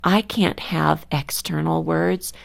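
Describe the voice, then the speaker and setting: A woman with a lowish voice and plenty of vocal fry tells stories as a radio guest. She acts out scenes from family life, close on a studio microphone. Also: steady tone, takes it slowly. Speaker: guest, mother. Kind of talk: casual studio conversation.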